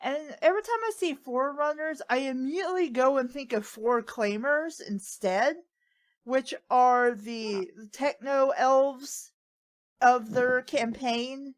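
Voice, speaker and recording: Unhurried woman with a high-pitched voice. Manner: chatty, rambling asides between readings. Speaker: fanfiction reader. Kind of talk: casual comedic commentary.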